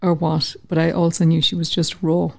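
A woman telling a personal story in an interview, lively and acting out the voices she quotes. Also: low voice, fairly quick, creaky. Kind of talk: conversational storytelling.

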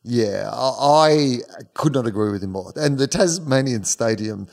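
A man's voice: medium pitch, animated, a little slow, vocal fry, darkish tone. Musing man in casual sports chat. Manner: musing, questioning, loose. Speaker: podcast co-host.

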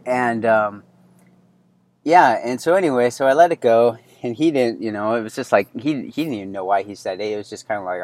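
A podcast host in his thirties tells casual personal stories, rambling with many fillers and restarts. His voice is mid-range at a moderate pace, and the recording is dry.

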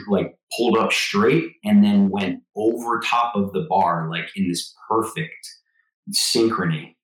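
Low-voiced former Marine telling stories. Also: male voice. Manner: animated storyteller, acts out quotes. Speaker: guest, former Marine officer. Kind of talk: casual storytelling interview. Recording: roomy echo.

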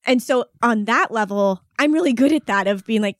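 A woman's voice: a little high, moderate pace, no echo, studio quality. A woman chatting casually on a podcast, talkative, laughing easily and filling her sentences with "like". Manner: chatty, laughs often, uses "like" a lot. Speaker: podcast co-host. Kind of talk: casual chat.

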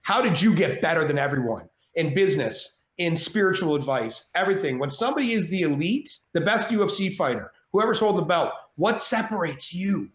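A man guest on a podcast, telling a personal story in casual chat, animated and swearing freely, acting out the voices of others. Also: a little high, fairly quick, hardly any pauses. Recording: roomy echo with faint ambience.

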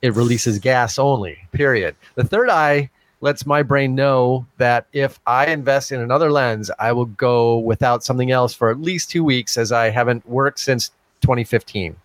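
A man's voice: mid-range voice, moderate pace, few pauses, dry recording. A man co-hosting a casual podcast, chatting and laughing as he reads listener comments aloud. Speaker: podcast co-host.

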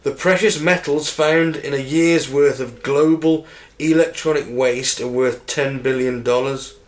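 A man's voice: mid-range voice, fairly even intonation, measured pace. Man reading out facts. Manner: reads out facts, dry asides. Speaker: podcast co-host reading facts. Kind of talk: casual banter.

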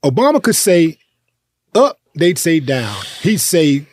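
A man's voice: on the high side, big pitch swings, slow, a little mellow, no room sound, clean studio sound. A man in heated casual conversation, ranting bluntly and profanely, repeating points for emphasis.

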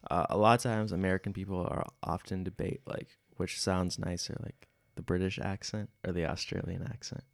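A young male podcast host talks easygoingly, often hunting for words. His voice is very deep and gravelly. The sound is dry, with no room echo. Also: fairly even intonation, a little fast, few pauses. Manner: easygoing, hesitant, chuckling asides. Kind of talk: casual chat.

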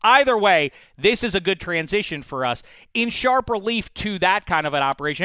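Animated guy arguing sports on a podcast, kinda high pitched, very dry mic. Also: normal speed, smooth, dry recording. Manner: animated, puts on mock fan voices. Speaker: sports talk host. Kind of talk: casual sports debate.

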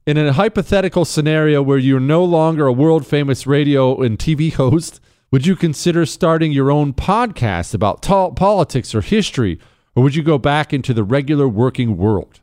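Blunt, smooth-voiced talk radio host. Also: male voice, mid-range voice, animated, a little fast, darkish tone, no echo, studio quality. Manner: blunt, emphatic, repeats key points. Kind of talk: call-in advice talk show. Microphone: studio microphone.

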